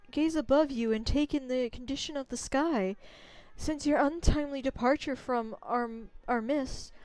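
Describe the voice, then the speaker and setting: Serene female tree goddess voiced by a woman, soft and solemn, slow and smooth, pleading. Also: sits high, no echo, pitched above the performer's own voice, rough recording. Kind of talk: game dialogue read aloud.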